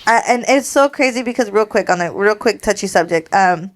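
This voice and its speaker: A woman's voice: mid-range voice, brisk. A young woman hosting a podcast. She tells stories in a casual heart-to-heart chat, with plenty of "like" and "dude", and speaks straight to her listeners. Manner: chatty storytelling, lots of "like" and "dude". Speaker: podcast host.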